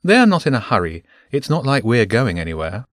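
Male narrator as a matter-of-fact falcon; calm, precise, dry wit. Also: medium pitch, a little fast, no echo, natural voice.

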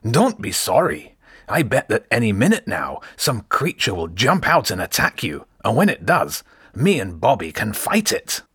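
A man reads a brawling audiobook rat with a husky Scottish lilt. His voice leaps around in pitch as he relishes the chance to fight. The recording is close and dry. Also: wildly swooping pitch, moderate pace, a bit bright, no room sound, heavily acted. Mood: eager. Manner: gleeful and bold. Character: eager fight-hungry male rat. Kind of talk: audiobook character voice.

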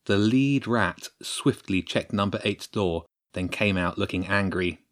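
Male narrator, low voice, expressive storybook read. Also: a little slow.

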